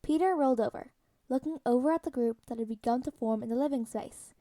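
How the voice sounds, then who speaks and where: A woman narrating fanfiction in a plain, steady reading voice. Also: high-pitched, fast. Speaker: fanfiction reader. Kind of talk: podfic narration.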